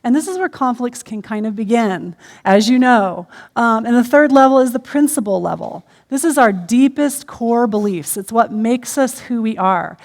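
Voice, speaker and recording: A middle-aged woman shares a church sermon with her husband, and her voice is a bit high for a woman. She talks in a relaxed, conversational way, often stopping for an um. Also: moderate pace, few pauses. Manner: conversational, frequent ums. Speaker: co-pastor. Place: church stage.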